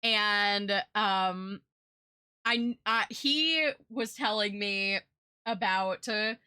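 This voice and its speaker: A woman's voice: medium pitch, drawn-out words, sharp tone, clean tone, no room sound, studio quality. A young woman streamer and artist chatting casually, rambling with lots of fillers and little laughs. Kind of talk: casual chat.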